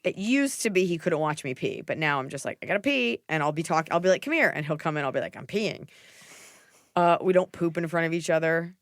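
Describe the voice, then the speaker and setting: A middle-aged woman hosting a podcast, giving blunt, jokey advice in a casual, animated way. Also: deep voice, fairly quick, no room sound, studio quality. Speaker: podcast host.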